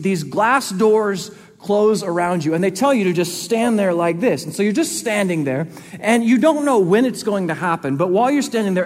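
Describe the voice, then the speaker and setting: High-voiced pastor preaching in a hall. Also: male voice. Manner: conversational preaching, acts out quoted voices. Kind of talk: sermon. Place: church sanctuary.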